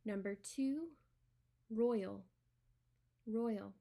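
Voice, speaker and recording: Warm in tone and medium in pitch, this teacher runs a spelling lesson for a homeschool class, beginning with a playful fake phone call before carefully and slowly dictating the words.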